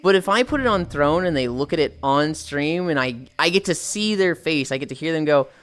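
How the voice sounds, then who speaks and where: Lively, low-voiced woman streamer. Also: brisk, faint music behind. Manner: profane, joking, reads chat aloud. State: stretching, groaning with effort. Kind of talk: casual live-stream chat. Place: at home, indoors.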